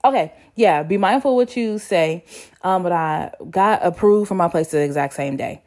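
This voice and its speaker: A young woman, telling a story to her viewers in a chatty, slangy, animated way. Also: fairly low pitch, normal speed. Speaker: vlogger. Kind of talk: casual storytelling to camera.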